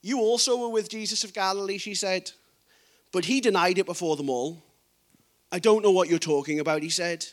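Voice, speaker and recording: A man preaching a sermon, reading scripture in a low, quiet voice and building to emphatic, raised passages.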